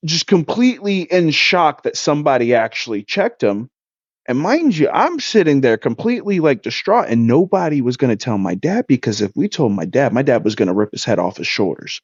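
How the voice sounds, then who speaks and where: A young man in his twenties, co-hosting a podcast and telling a story in a loose, profane, animated way. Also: medium pitch, normal speed, slightly rough, no room sound. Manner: animated, profane, swings his voice up when excited. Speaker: podcast co-host. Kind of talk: casual storytelling. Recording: dull, dry lo-fi sound.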